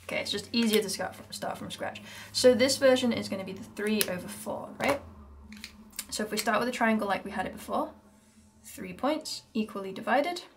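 A British woman teaching handpan rhythms, chatty and explanatory, who counts the beats out loud. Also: medium pitch, a little fast. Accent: British English. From Britain. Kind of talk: music lesson. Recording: music playing in background. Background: handpan music.

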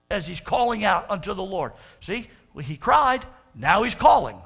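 A man's voice: high-pitched, very animated, normal speed, creaky, few pauses, fairly bright tone. A male pastor preaching a fervent sermon, stretching out his quotes of scripture for emphasis.

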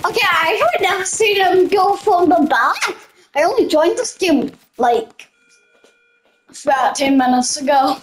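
High-voiced young woman yelling at a game, giggly, unhurried, gunfire and clicks all behind. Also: a little hiss or hum. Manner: excitable, giggly, shouts reactions. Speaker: gamer. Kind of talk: playing a video game with live commentary.

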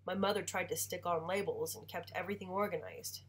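A woman teacher reading a novel aloud to her students, giving the father's lines a louder voice and the mother's a quieter one. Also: lowish voice, steady tone, fairly quick, breathy edge. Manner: reads dialogue with raised voice for the father, quieter for the mother. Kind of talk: read-aloud storytelling.

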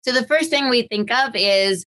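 A woman hosting a dog-training podcast in casual chat, animated and acting out voices of dogs and owners. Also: on the high side, normal speed, low-quality recording.

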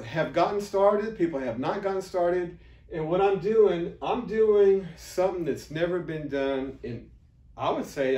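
A man recording an unscripted video pitch for his marketing offer, rambling and restarting often, blunt and pushy. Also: a little mellow, echoey room, far from the mic. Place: room, filming himself beside a board.

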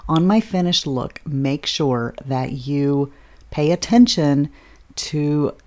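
A woman's voice: sits low, slow. A woman in her sixties, a beauty vlogger chatting and laughing through a story while she does her makeup. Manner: chatty, animated storyteller who laughs often.

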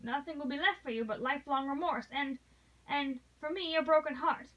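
A woman's voice: high voice, fairly quick, far from the mic, highs cut off, lightly acted. A woman voicing a noble English lady who pleads with passion, read aloud from a novel. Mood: pleading. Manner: impassioned, pleading.

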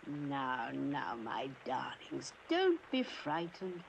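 A woman's voice: rumbling low, wildly swooping pitch, extremely slow, gravelly, highs cut off, slight background noise, full character voice. A woman voicing a kindly, fretful elderly lady who worries over her cats in a fussy way. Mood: tender.

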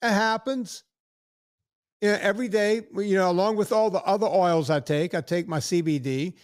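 A man's voice: sits high, moderate pace, no echo. A man in his sixties hosting a podcast, rambling in casual chat with many restarts and acted-out quotes. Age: 60s. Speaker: podcast host.

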